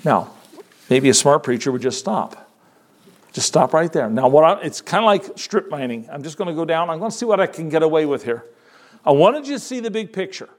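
A man preaching a sermon, reading scripture slowly with emphasis and adding casual asides. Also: a little high, animated.

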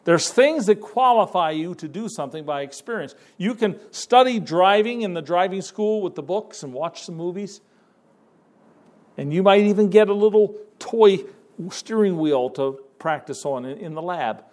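Preacher guy giving a sermon, talks casual with lots of restarts, voice sits a bit high. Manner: conversational, with restarts and emphatic rises.

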